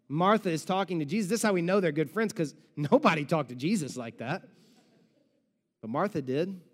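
A male pastor preaching a sermon with animated storytelling and dramatic pauses, in a large church auditorium. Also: sits high, big-room sound.

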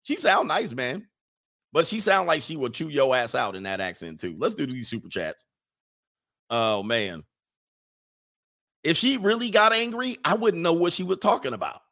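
A man in his forties talks through a casual commentary stream with a gravelly, creaky edge. His pitch swings widely as he jokes, and he often trails off while hunting for a word. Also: moderate pace, long pauses. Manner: animated, joking, trails off searching for words. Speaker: host reacting to clips and super chats.

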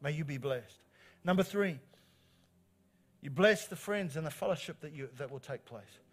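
A middle-aged man, preaching a sermon as pastor in an animated, encouraging way, repeating phrases for emphasis. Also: on the high side, moderate pace. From New Zealand.

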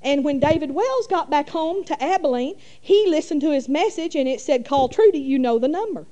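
Middle-aged woman, warm mellow tone, folksy rambling church testimony. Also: sits high, animated, moderate pace, dull audio. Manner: folksy rambling with many fillers. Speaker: church speaker. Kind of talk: testimony storytelling.

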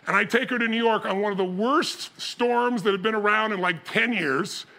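A man's voice: high voice, normal speed, gravelly, pushed and bright. A middle-aged man telling a story to an audience as a motivational speaker, acting out the dialogue and laughing often.

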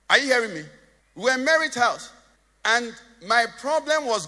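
A man's voice: very high voice, animated, normal speed, sharp tone, in a large hall. A Nigerian man preaching a sermon as pastor, joking and asking the congregation questions. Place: church hall.

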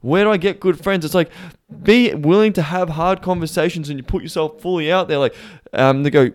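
A man hosting a podcast, talking casually, blunt and heavily profane, animated when telling stories. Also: a little high, brisk. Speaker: podcast host. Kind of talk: casual conversation.

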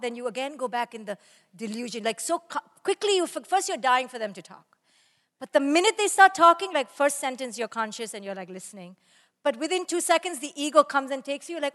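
Animated laughing woman, fairly high voice, long room reverb, middle-aged. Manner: animated storytelling, laughs often, acts out family dialogue. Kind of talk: conversational interview.

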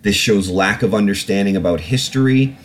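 Speaking at normal speed in a fairly low pitch, this man comes through with a little hiss or hum. On his solo podcast he goes on a rambling, swear-filled political rant, with plenty of fillers and restarts.

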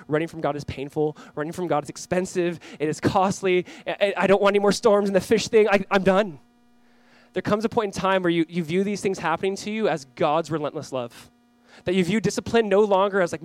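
Male pastor, quick high delivery, fervent sermon with big loud-to-soft swings, dry close sound. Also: no echo. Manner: impassioned, voice rising and dropping sharply; acts out quoted voices in casual speech.

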